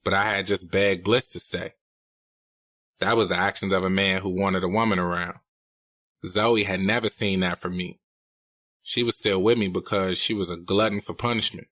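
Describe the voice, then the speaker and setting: A man's voice: low voice, steady tone, moderate pace, bright, forceful tone, no room sound. A man narrating a novel in the first person, in a blunt, profane, streetwise manner. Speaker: audiobook narrator.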